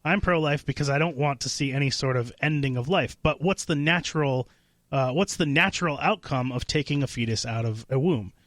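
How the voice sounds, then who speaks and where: A man's voice: medium pitch, a little fast, fairly bright tone, no echo. A man co-hosting a talk radio show, hesitant, with many fillers and frequent chuckles. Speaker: radio co-host. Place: radio studio. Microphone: studio microphone.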